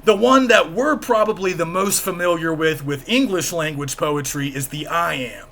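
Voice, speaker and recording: A male lecturer with a bright, forceful tone and a voice that sits a little higher than most men's. He explains step by step in a plain, patient way, often pausing to check that listeners are following. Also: a little hiss or hum. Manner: explanatory, plain-spoken, checks in with "okay?" and "right?". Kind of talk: recorded lecture.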